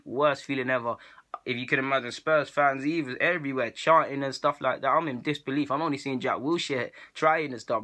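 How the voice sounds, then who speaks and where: Fast, bright-voiced young man. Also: medium pitch. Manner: animated, slangy, laughs at his own stories. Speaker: vlogger. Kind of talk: casual storytelling to camera.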